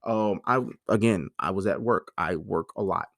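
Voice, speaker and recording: A man's voice: sits low, normal speed, gravelly, fairly bright tone, dry recording, studio quality. A man in his thirties hosting a personal monologue, talking in an emotional, frank way and swearing freely. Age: 30s. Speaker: podcast host.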